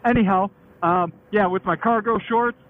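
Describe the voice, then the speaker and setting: A man in his late thirties with a high voice spins a loose, slangy story about his riding days, swearing casually as he goes. The sound is thin and tinny like a phone line, with a light hiss under it. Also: normal speed. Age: late 30s. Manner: slangy, chatty, laughs often, swears. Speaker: motorcycle vlogger.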